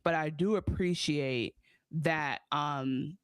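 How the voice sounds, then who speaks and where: A woman's voice: deep voice, slow, smooth, no echo. A woman co-hosting a podcast, reacting with short comments and then musing about TV scenes in casual talk. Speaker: podcast co-host. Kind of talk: casual TV recap chat.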